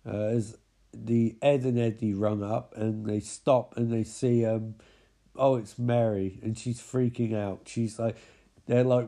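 A man's voice: lowish voice, little pitch movement, measured pace, gravelly, warm tone. A man giving a mocking, profane recap of a zombie film with lots of exclamations. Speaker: film commentator.

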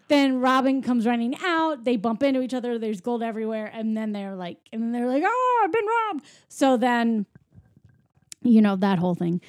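A woman's voice: on the high side, dry recording, studio quality. A woman in casual chat, animatedly retelling a film and acting out the characters' lines. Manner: animated storyteller, acts out characters' lines, swears freely. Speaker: podcast co-host.

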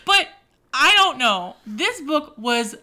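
This young woman's voice is bright and sharp, and it swoops high and low as she rants about a book she hated. She laughs a lot and talks in a casual, animated way, like she's chatting with a friend. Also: slow pace. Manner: animated, laughing, ranting with mock outrage. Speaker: podcast co-host. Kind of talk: casual chat about books.

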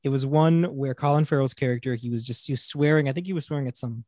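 Male podcast co-host, mid pitch, halting and blunt, dry sound. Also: a little mellow, no echo. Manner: hesitant, frank, swears freely. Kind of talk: casual movie review chat.

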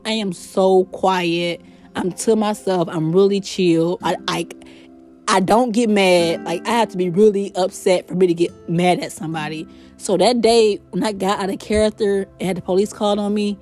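A woman hosting a podcast, telling her spiritual testimony in an emotional, expressive way. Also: medium pitch. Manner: emotional, expressive, faith-filled storytelling. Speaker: podcast host.

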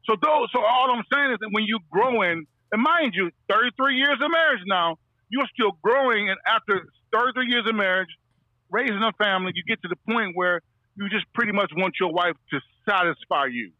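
A man's voice: high-pitched, brisk, dry recording, muffled recording. A man in his fifties, a pastor, talking on a podcast in a rambling way, repeating phrases in a preacher's cadence. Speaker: pastor, guest. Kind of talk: relaxed podcast talk.

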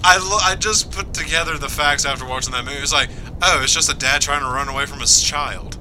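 Man chatting over traffic rumble. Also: fast talker. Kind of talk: casual chat among friends.

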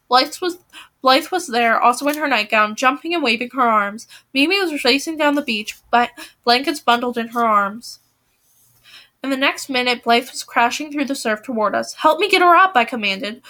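Young woman reading a novel out loud, high voice, acts out the dialogue a bit. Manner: reads with lively acted dialogue, voice rising for quoted shouts. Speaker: reader of a novel.

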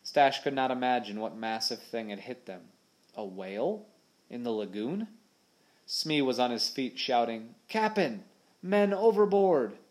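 A man narrates an adventure audiobook in a dramatic, vivid storytelling manner. His voice sits at an ordinary middle pitch for a man. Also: expressive, a little slow. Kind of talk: scripted narration.

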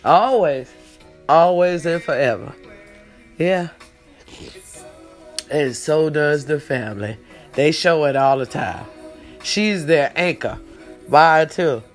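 An online show host speaks in a low, slow voice with frequent pauses, faint music playing behind her. In this casual, heartfelt livestream she addresses viewers directly, repeats herself, and holds back tears while praising God and her family.

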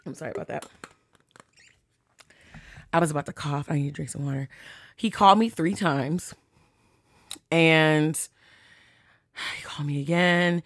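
A woman's voice: low-pitched, a little slow, long pauses, dry recording. A woman hosting a podcast and telling a story in a chatty way. She swears freely and reads out text messages. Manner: chatty, animated retelling, quotes texts aloud, swears freely. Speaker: podcast host. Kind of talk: casual storytelling.

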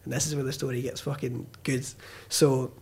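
A man's voice: medium pitch, little pitch movement, normal speed, a little mellow, breathy edge. A young Scottish man, a filmmaker on a podcast, telling a story animatedly and swearing freely as he acts out the quotes. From Scotland. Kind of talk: casual storytelling chat.

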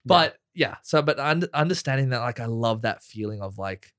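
A man in a casual podcast chat, talking in an animated way with many fillers. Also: mid-range voice, moderate pace, no echo, studio quality.

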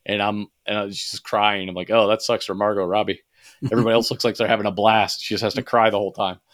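A man's voice: fairly low pitch, level tone, quick pace, a bit bright. A man co-hosting a podcast, chatting casually and animatedly about movies, swearing and laughing often, with many fillers and restarts. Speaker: podcast co-host.

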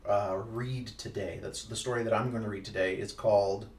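With a lowish, darkish voice and fairly even intonation, this man talks fairly quickly as a father co-hosting a laid-back podcast. His casual chat is rambling and playful, peppered with ums and restarts, recorded far from the mic in an echoey room with faint noise.

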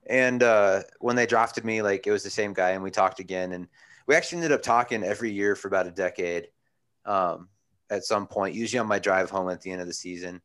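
A man's voice: low voice, brisk, a bit bright. A man in his thirties, a guest telling stories casually and rambling with lots of fillers. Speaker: guest, pro baseball pitcher. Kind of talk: casual storytelling.

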